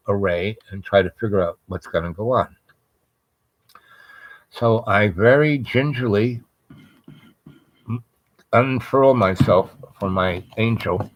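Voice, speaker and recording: Host, male, low voice, dry sound, casual and rambling storyteller. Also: fairly bright tone, no echo, rough recording. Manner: rambling, with frequent restarts and asides.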